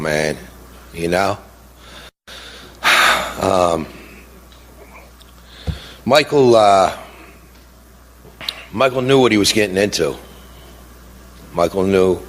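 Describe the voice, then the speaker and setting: A middle-aged man speaking as a grieving father in an impassioned speech, halting with fillers at times and indignant at others. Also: low-pitched, slight background noise. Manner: indignant, rising to heated outbursts. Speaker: grieving father giving a talk.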